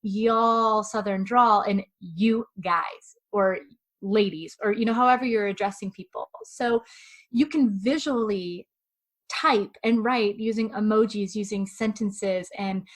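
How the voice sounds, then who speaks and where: A woman who is a professional writer, giving quick, chatty, emphatic advice as a guest in an interview. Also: mid-range voice.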